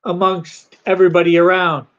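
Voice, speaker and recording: A comic artist chatting casually on a livestream from home, rambling and halting while reading the chat. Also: medium pitch, level tone, dull audio.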